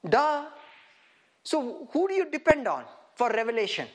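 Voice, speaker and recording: A man preaching a sermon in an animated way, often laughing and asking his listeners rhetorical questions. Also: very high voice, normal speed.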